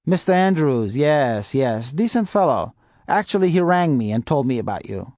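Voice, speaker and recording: A man's voice: medium pitch, sing-song, moderate pace, a little mellow, no echo, clean studio sound, lightly acted. A man voicing a chubby, affable middle-aged male lawyer in an audiobook, chatty and full of apologies, a little wheezy. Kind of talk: audiobook character voice.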